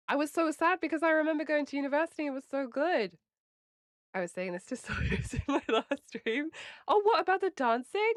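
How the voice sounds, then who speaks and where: Animated English woman streamer, lively pitch. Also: no room sound, studio quality. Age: late 20s. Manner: animated, laughs often, swears casually. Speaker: livestreamer. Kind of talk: casual chat with viewers.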